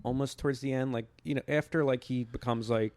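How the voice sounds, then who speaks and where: A podcast co-host, a man with a middle-pitched voice, caught dry and close on the mic. He talks about movies in an eager, rambling way and stumbles through restarts as his thoughts run ahead. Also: fairly even intonation, a little fast, a little mellow, no room sound. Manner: enthusiastic, rambling with many restarts. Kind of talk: casual film chat.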